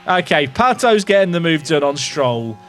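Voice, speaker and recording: A man's voice: a little high, very animated, moderate pace, fairly bright tone, faint music behind. A man hosting and commenting on his racing management game, thinking aloud about strategy with wry asides to his chat.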